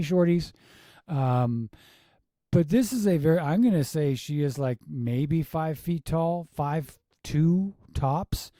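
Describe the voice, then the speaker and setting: A man critiques a yoga video in a casual, exasperated way and keeps asking why. His voice sits fairly high but sounds very dark and mellow. The recording is close and dry. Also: expressive, no echo. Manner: exasperated rhetorical questions, quick asides. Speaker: yoga teacher reviewing a class video.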